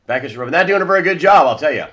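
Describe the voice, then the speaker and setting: A man hosting an interview, talking in a halting way with many restarts and confirming questions. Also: a little high, lively intonation, sharp tone. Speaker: interview host.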